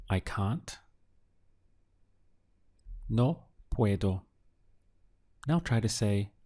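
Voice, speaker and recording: Slow, deep-voiced male language teacher. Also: a little mellow. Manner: poses prompts, pauses, then gives answers syllable by syllable. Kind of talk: slow, deliberate audio language lesson.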